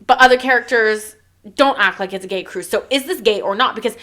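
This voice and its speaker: Bright-voiced sarcastic woman podcaster. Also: a little high, fairly quick. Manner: animated, sarcastic, acts out lines in mock voices. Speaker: podcast co-host. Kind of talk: casual chat, reading and mocking a story.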